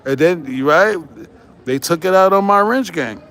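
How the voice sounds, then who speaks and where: High-voiced man ranting on his channel. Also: lively intonation, measured pace, fairly bright tone. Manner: profane, combative, repeats "right?"; laughs often while ranting. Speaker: YouTube host. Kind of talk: heated vlog rant.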